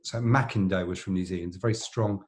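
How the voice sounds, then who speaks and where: A man's voice: sits low, fairly even intonation, quick pace. A middle-aged man, a plastic surgeon co-hosting a podcast, telling long anecdotes in casual chat with lots of fillers and restarts.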